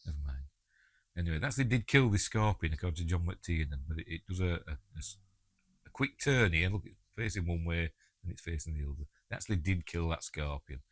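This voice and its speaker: A man's voice: low-pitched, animated, fairly quick, no echo, studio quality. A man with a Yorkshire accent giving a chatty, jokey audio commentary on a film and talking back to the characters on screen. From England.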